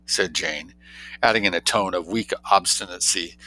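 A man narrating an audiobook in a measured, crisp reading. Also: sits low, pushed and bright, poor audio. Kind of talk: scripted narration.

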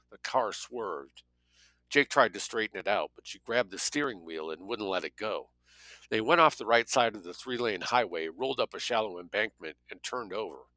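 A man's voice: lowish voice, pushed and bright, no room sound. A man narrating a thriller audiobook in a plain reading voice, now and then dropping offhand asides of his own. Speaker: audiobook reader.

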